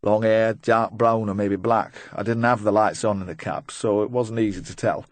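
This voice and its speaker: A nervous, rambling middle-aged van driver, voiced by a male audiobook reader, eager to please and quick to crack a weak joke. The voice sits low and close, recorded dry with no room around it. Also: fairly even intonation, dry recording, close to an everyday voice. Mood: chatty, uneasy.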